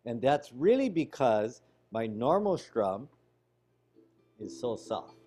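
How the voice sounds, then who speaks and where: Lively man teaching ukulele online. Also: medium pitch, takes it slowly, faint music behind. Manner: relaxed, explains while demonstrating, counts strums aloud. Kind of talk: online music lesson. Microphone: video call. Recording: ukulele playing loud behind voice. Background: ukulele strumming.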